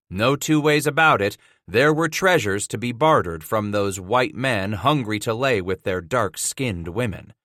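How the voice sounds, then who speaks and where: A man narrating a western audiobook in a steady, measured storytelling voice. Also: medium pitch, no room sound, studio quality. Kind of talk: scripted narration.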